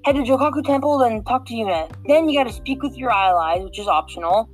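Rambling woman with a high voice. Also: expressive, fast talker, faint music behind, poor audio. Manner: rambling, full of fillers and restarts. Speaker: game walkthrough guide. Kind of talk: casual walkthrough chat.

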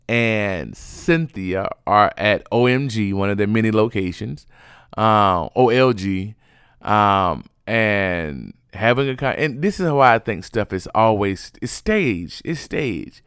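Man, sassy reality TV recap, chatty and animated, sleepy, smooth resonant voice. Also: lowish voice, slow, dry recording, studio quality. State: sleepy, yawning. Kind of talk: casual gossip recap.

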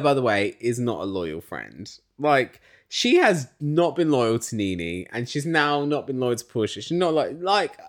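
A male recap host who talks casually and with strong opinions, swearing freely as he goes. His mid-range voice swings up and down with a lot of expression. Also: medium pitch.

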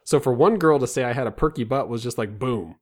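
A man's voice: medium pitch, fast. A man in his thirties, co-hosting a comedy podcast, telling self-deprecating stories and slipping into silly voices. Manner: self-deprecating, animated storyteller with put-on voices. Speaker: podcast co-host. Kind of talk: comedic banter.

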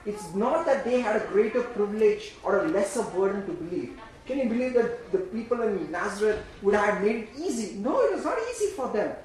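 A man preaching a sermon in an emphatic, repetitive way, swinging between loud bursts and hushed lines, and leading the congregation in repeating phrases. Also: high voice, lively intonation, brisk, hardly any pauses. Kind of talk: sermon with call-and-response. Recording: very echoey room.

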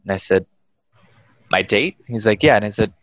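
A man casually telling a ghost story on a podcast, animated, swearing freely and acting out the voices of the people in it. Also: lowish voice, racing, dry recording.

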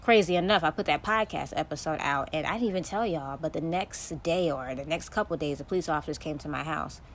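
A woman's voice: low-pitched, a little fast, a little hiss or hum. A woman hosting her own podcast, venting in a heavily profane, emphatic solo monologue. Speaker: podcast host.

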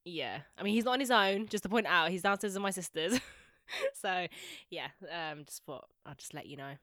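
A woman's voice: fairly low pitch, lively intonation, moderate pace, pushed and bright, no echo, clean studio sound. Teasing woman podcast co-host. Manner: teasing, laughs often, asks follow-up questions. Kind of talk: casual chat.

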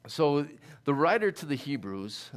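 A man preaching a sermon in a conversational, halting way, with many fillers and restarts. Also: fairly high pitch, big pitch swings. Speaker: pastor.

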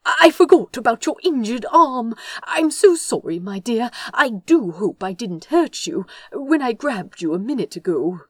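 A woman voicing a fretful, gentle young male prince who fusses anxiously with breathy exclamations. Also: fairly high pitch, animated, unhurried, few pauses, dry recording, clean studio sound, voice pushed up. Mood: flustered.

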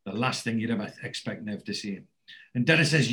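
A man of medium pitch, speaking fairly quickly on a low-quality recording, recaps a TV episode in casual chat. He's an animated narrator who swears without restraint and acts out the characters' lines.

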